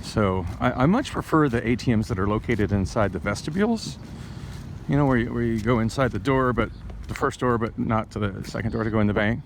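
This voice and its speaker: Man, lowish voice, rambling vlog walk-and-talk, faint traffic behind. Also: lively intonation, vocal fry. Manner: rambling, halting, many restarts and fillers. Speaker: vlogger. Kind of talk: casual vlog monologue. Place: outdoors on a city street.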